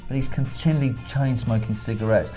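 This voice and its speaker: A man's voice: mid-range voice, steady tone, a little fast, mellow, faint music behind. A man from Hertfordshire hosting a casual film chat, rambling and correcting himself as he goes. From Hertfordshire, England. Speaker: film review host.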